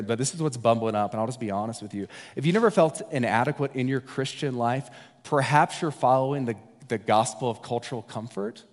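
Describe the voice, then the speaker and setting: Conversational guest preacher in a hall. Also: male voice, mid-range voice. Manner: conversational, jokey, acts out the disciples' voices. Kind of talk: sermon.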